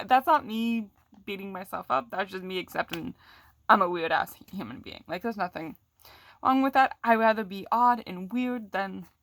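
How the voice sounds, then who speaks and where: A young woman vlogger rambles to the camera about her bad day, frustrated and self-deprecating, candid as fits of coughing catch in her throat. Her voice sits mid-range with a fairly bright tone, and there's no echo.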